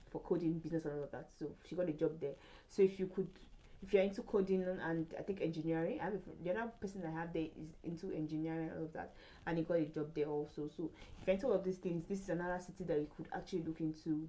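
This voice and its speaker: A woman's voice: fairly low pitch, darkish tone, low-quality recording. A young adult woman vlogging in casual chat, rambling with many fillers and restarts.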